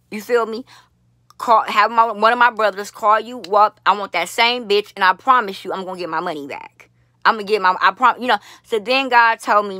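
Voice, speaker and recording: A woman vlogger telling a long personal story to her viewers, blunt, profane and animated, with many asides to the audience. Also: medium pitch, moderate pace, no room sound, clean studio sound. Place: lives in Las Vegas.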